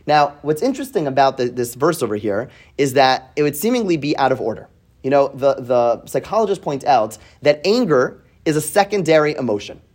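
A man teaching a weekly Bible class to a room of students, with a voice of middling pitch. He reads Hebrew verses aloud and translates them, then asks questions and checks in with "right?". He often restarts and repeats words as he works through an idea. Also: very animated, fairly quick, darkish tone. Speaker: Torah teacher.

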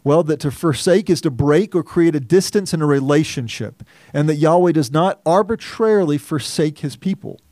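A man's voice: fairly high pitch, lively intonation, normal speed, darkish tone, no room sound, clean studio sound. A man pastor preaching a sermon, teaching earnestly and reading scripture aloud with feeling.

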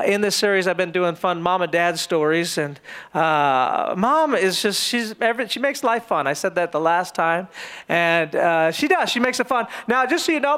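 A man preaching a sermon as pastor, telling lively, humorous stories. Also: high-pitched, clear, resonant tone.

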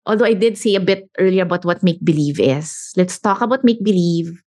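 A woman's voice: on the low side, brisk. Woman podcast host. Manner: warm, encouraging, long-time friend of the guest. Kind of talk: casual interview chat.

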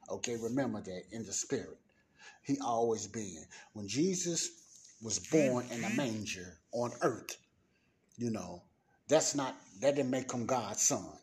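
A man teaching the Bible in an informal sermon, emphatic, slowing down to stress his points. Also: medium pitch, a little mellow, a little hiss or hum.

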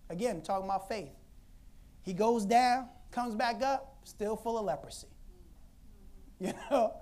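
A woman preacher telling a Bible story in an animated, conversational sermon, laughing often. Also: a little high, measured pace.

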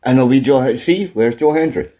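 A young Scottish man co-hosting a podcast in casual chat, deadpan and jokey, spinning absurd scenarios. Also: mid-range voice, fairly quick, slight background noise. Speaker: podcast co-host.

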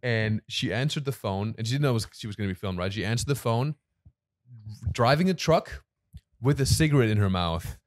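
A man's voice: medium pitch, a little fast, no room sound. German-born man hosting a podcast, dry mic. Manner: animated storyteller, laughs often. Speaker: podcast host. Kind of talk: casual interview chat.

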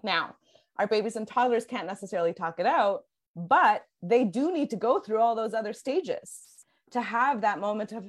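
An earnest woman speaks in a relaxed podcast chat, explaining at length with plenty of "like" and "um" along the way. She talks as a parenting coach, restarting her sentences as she works through her points. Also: fairly high pitch, moderate pace. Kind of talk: casual podcast conversation.

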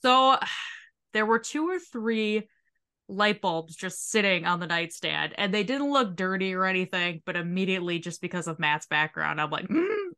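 A podcast co-host recaps a reality show in a casual, profane, animated way, often slipping into quick impressions. Her voice sits slightly low but rings bright and crisp. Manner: animated, profane storytelling with acted-out quotes. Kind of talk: casual chat.

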